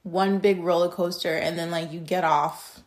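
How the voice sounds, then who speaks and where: This podcast host, a young adult woman, tells a meandering story with blunt, casual profanity. She alternates loud, emphatic moments with mumbled asides, speaking at a normal speed in a lowish voice with fairly even intonation.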